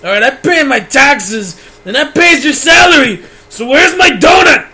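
A swearing, grumbling old geezer rants about the old days and modern prices, as a man puts him on. His voice sits high and bright, and he rambles on with one complaint after another. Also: expressive, a little slow, exaggerated voice. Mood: grumpy.

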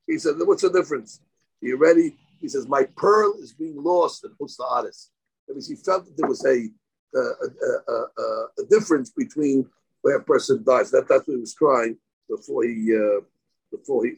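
A man's voice: medium pitch, husky, low-quality recording. A man teaching a live Talmud class. He reads Aramaic lines aloud, explains them in English, and rises sharply on key points. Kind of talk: daily Talmud class lecture.

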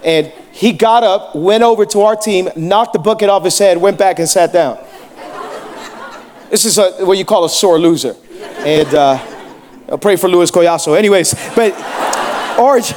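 High-voiced joking pastor. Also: male voice, moderate pace, darkish tone. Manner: joking, storytelling, asks the crowd questions. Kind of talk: sermon.

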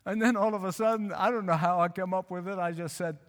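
A male pastor preaching a sermon, emphatic, repeating phrases and slowing to stress lines. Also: high voice, steady tone, fairly bright tone. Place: church. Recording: hall reverb.

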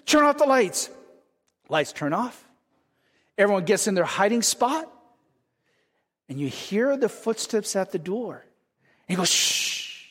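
High-voiced male pastor in a reverberant hall. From California. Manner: conversational preaching, frequent "right?" to the congregation. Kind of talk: sermon.

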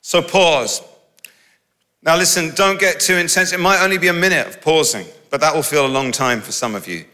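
A middle-aged man preaching a sermon in a lively, conversational way with humorous asides. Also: on the high side, normal speed. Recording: long reverb of a large hall.

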